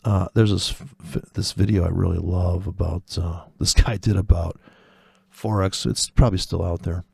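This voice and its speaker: A man with a low, dark, gravelly voice talks through trading in a loose, rambling monologue. He is sardonic and swears freely, wanders into tangents, and slips into mock voices to make his point. The sound is dry and close. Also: fairly even intonation, moderate pace, no echo. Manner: acts out imagined voices in quotes. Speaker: forex trading video host.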